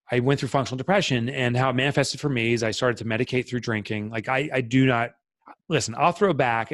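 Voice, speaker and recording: Man, middle-aged, podcast guest, candid storytelling, earnest, reflective, medium pitch, dry recording. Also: no echo. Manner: earnest and reflective, with many fillers.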